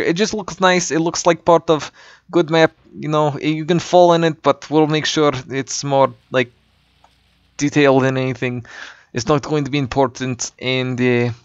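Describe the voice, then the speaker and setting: A man's voice: on the high side, no room sound. A man with a put-on Russian accent giving a rambling, hesitant walkthrough of a game map he is building. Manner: rambling, hesitant, with ums and dropped words. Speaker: map maker. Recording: dull, dry lo-fi mic.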